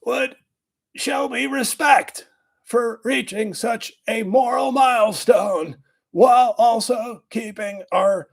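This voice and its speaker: A man doing a comedic impression of a boastful, cranky older male health official, with a raspy, strained voice, rambling and bursting into shouts. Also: very high voice, full character voice.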